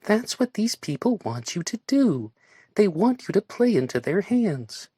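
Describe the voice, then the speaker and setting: A man's voice: high-pitched, big pitch swings, measured pace, dark tone, husky, no room sound, clean studio sound, voice pushed up, heavily acted. A man voicing an anxious young woman who asks chirping questions in an audiobook. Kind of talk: audiobook character reading.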